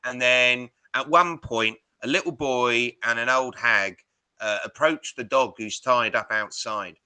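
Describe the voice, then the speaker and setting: A man co-hosting a film podcast, rambling and animated as he retells scenes, with casual swearing. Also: mid-range voice, a little slow, clear, resonant tone, no echo. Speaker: podcast co-host. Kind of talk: casual film-review chat.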